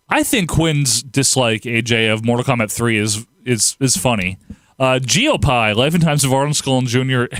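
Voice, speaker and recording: Animated, rambling man hosting a livestream. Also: medium pitch, no echo. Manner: rambling, laughs often, animated outbursts. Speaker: livestream host. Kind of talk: casual livestream chat reading viewer comments.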